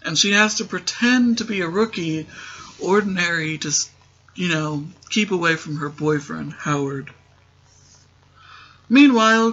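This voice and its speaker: A man's voice: sits high, pushed and bright. Sarcastic man recapping a TV show. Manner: sarcastic, rambling asides. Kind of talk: casual comedic TV recap. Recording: dull lo-fi recording.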